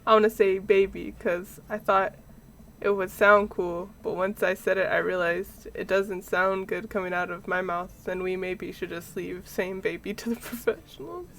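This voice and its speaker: A young woman chats her way through a game on stream, playful and quick to giggle. Her voice sits at an ordinary, mid-range pitch. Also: a bit bright, slight background noise. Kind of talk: casual gameplay commentary.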